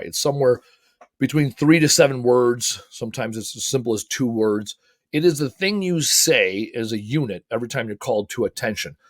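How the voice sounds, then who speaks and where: A man's voice: medium pitch, no room sound. Middle-aged guy hosting a pep talk, punchy and emphatic, drops swear words casually, dry close sound. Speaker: host. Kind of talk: motivational talk.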